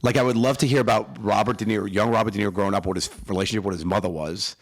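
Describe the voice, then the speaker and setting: A man in his forties co-hosting a podcast, telling stories in a rapid, animated way. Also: on the low side. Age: 40s. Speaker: podcast co-host. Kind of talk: casual podcast chat.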